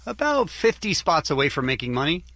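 A man hosting a radio show, dropping wry, deadpan one-liners. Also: on the high side, a little fast, no room sound. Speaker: radio host. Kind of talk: casual radio banter.

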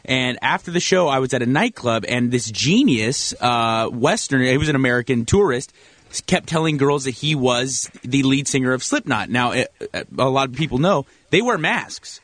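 A man's voice: medium pitch, expressive, normal speed, fairly bright tone, no echo. A man, a regular on a radio show, telling a story in a casual way. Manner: casual anecdotal. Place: radio studio.

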